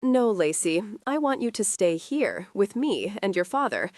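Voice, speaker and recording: A woman's voice: medium pitch, very animated, measured pace, a little mellow, no room sound, clean studio sound. A woman reading the part of a confused, doting older mother who rambles fondly about her daughter. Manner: gushing, rambling.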